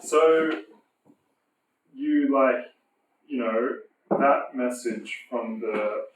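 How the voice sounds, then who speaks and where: A man's voice: medium pitch, drawn-out words, a little hiss or hum. Hesitant man in an echoey room. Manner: hesitant, many fillers. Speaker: host. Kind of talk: casual interview questions. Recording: very echoey room, distant mic, faint ambience.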